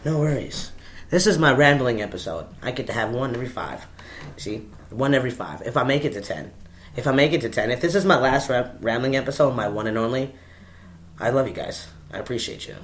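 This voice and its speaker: A man's voice: mid-range voice, animated, brisk, slight background noise. A man hosting a casual solo podcast from home, stoned and rambling, swearing freely and laughing at himself. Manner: rambling, profane, laughing asides. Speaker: podcast host. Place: at home with his dog.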